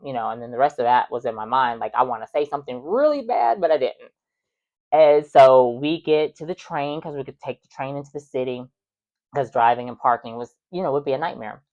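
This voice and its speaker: A woman's voice: deep voice, lively intonation, brisk, darkish tone, highs cut off. A woman host telling a personal story in a chatty way, full of fillers and exasperated asides. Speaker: podcast host.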